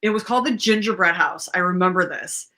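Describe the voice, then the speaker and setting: A woman's voice: on the low side, quick pace, pushed and bright. A young woman telling a rambling story in casual chat, full of fillers and laughter, as a podcast host.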